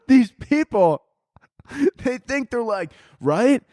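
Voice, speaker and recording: A man's voice: very high voice, big pitch swings, very slow, a little mellow, no echo. A man of twenty hosting a podcast, rambling through a crude, comedic monologue with lots of swearing and frequent laughter. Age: 20s. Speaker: podcast host.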